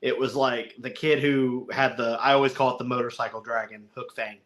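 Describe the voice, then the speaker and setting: A man with a bright, forceful voice talks loosely through a film, rambling and chuckling as he goes. He slips into little put-on voices to act out lines, then drops back into easy chat at a middle pitch. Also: fairly even intonation, brisk. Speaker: podcast co-host reviewing a film. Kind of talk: casual chat.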